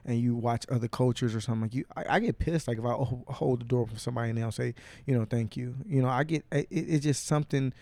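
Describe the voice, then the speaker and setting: Speaking fast with few pauses, a man with a mid-range, fry-tinged voice hosts a casual podcast, recorded with no room sound. His storytelling is animated and full of profanity, with acted-out quotes in put-on voices.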